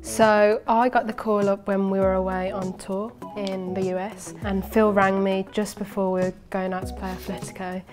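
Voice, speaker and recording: Young woman, English accent, footballer, bubbly storyteller, casual chat, middle pitch, clear background music. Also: level tone, normal speed, few pauses. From England. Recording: music bed underneath.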